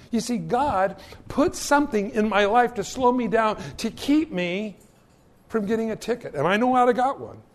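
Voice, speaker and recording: A male pastor preaching a sermon, telling stories with self-mocking humor and stammered restarts. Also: high voice.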